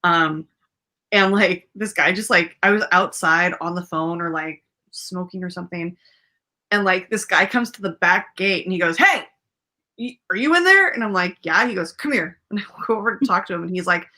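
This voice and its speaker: A woman's voice: lowish voice, fairly even intonation, normal speed, pushed and bright. A young woman telling a rambling story in casual chat, full of fillers and laughter, as a podcast host.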